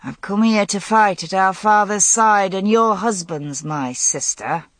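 A reader voicing a huge, arrogant knight who talks slowly and sullenly in an audiobook. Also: medium pitch, fairly bright tone, no room sound, natural voice. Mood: pleading. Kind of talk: audiobook character voice.

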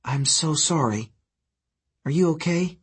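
A man voicing a caring, sympathetic teenage girl who speaks softly and apologetically. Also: medium pitch, unhurried, husky. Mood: concerned. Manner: soft, apologetic.

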